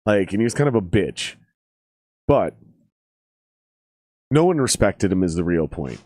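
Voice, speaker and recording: A man's voice: low voice, measured pace, no echo, studio quality. A man from Minnesota hosting a podcast, telling profane stories in casual chat and acting out what people said. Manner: profane, animated storyteller who acts out quotes. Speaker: podcast host.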